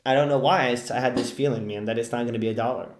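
A man live-streaming scratch-off tickets, talking excitedly to his chat and yelling at big wins. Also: medium pitch, racing. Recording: echoey room.

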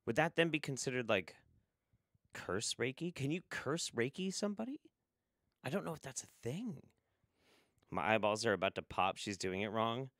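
A man's voice: mid-range voice, very animated, moderate pace, long pauses, fairly bright tone, no echo, clean studio sound. A man hosting a casual livestream, sarcastic, swearing freely and laughing often. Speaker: livestream host.

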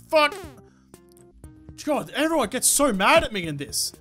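A woman giving excitable, swear-filled let's-play commentary, talking to herself and the game. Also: on the high side, unhurried. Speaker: gaming YouTuber. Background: game music.

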